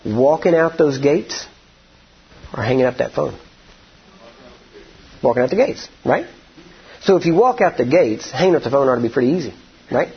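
Husky-voiced man preaching a sermon. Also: medium pitch, lively intonation, dull audio. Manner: folksy, drawn-out storytelling, rising to emphatic declarations. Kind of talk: sermon with storytelling.

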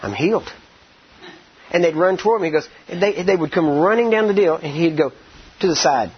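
A man preaching a sermon, rambling with many "I mean" and "you know", acting out quoted speech and slowing down to stress scripture. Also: high voice, slightly rough. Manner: slows down and stresses words when teaching scripture. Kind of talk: sermon with storytelling. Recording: dull lo-fi recording.

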